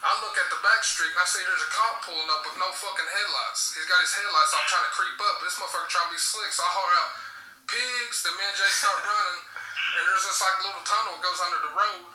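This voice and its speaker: Laughing man, bright, roomy. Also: high voice, fairly even intonation, fast talker, soft background music. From southwest Virginia. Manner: crude, laughing storyteller. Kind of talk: casual chat. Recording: roomy, distant mic, faint hiss.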